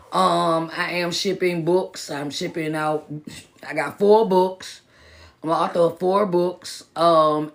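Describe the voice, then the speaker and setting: Gravelly-voiced woman giving a pep talk. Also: deep voice. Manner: casual, repetitive, greets viewers by name. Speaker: motivational speaker and minister. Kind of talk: live-stream pep talk. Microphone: phone.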